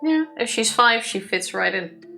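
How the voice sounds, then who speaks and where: A woman's voice: on the high side, lively intonation, unhurried, vocal fry, sharp tone, faint music behind. A woman co-hosting a let's play, teasing and arguing in casual back-and-forth chat.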